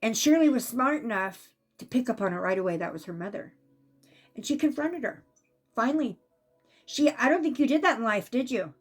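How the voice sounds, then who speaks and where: A woman giving a casual spiritual reading as an intuitive reader, chatty and animated when she acts out what spirits say. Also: fairly high pitch, brisk, husky, soft background music.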